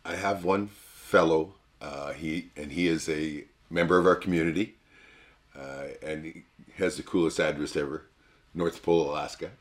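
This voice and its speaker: Deep-voiced older man, folksy podcast chat. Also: steady tone. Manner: folksy, halting, with many restarts. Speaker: podcast co-host. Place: cabin.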